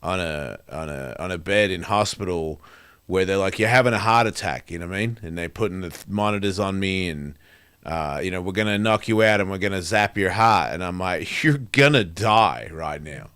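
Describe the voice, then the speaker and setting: A man's voice: low voice, lively intonation, normal speed, fairly bright tone, smooth, no echo, studio quality. A middle-aged man, hosting his show and speaking candidly in a profane, rambling, confessional way. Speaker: host. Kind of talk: candid monologue.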